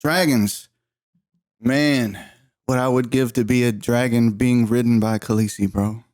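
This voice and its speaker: A man's voice: medium pitch, steady tone, measured pace, darkish tone, no room sound, studio quality. A man co-hosting a casual podcast in a playful, joking way. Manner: playful, calls his partner bro. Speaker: podcast co-host. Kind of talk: casual chat.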